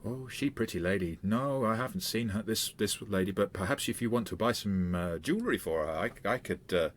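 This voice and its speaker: A man's voice: fairly low pitch, animated, brisk, slight background noise, voice pushed up, close to an everyday voice. A man voicing a small woman who sells insects, pushing her wares with a Peruvian accent. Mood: eager. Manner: pushy, chatty sales patter. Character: small female insect seller, eager saleswoman.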